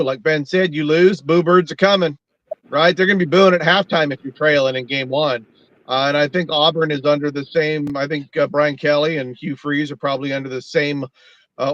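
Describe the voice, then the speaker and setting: A man as a football analyst guest, talking in a measured way and building his points with statistics. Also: on the high side, fairly bright tone, dry recording, lo-fi sound. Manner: measured, builds arguments with stats. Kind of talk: analytical panel talk.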